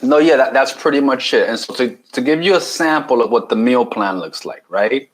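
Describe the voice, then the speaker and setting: Over a rough recording, a New York-accented man with a medium-pitched, expressive voice talks at a normal speed. He's a keto challenge coach appearing on a casual podcast, explaining at length, restarting and repeating words, and tossing in "right?" again and again.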